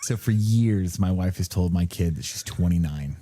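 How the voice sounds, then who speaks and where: A man's voice: sits low, normal speed, warm tone, a little hiss or hum. A man co-hosting a podcast who tells a story in a casual, profane way, laughing as he goes. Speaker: podcast co-host.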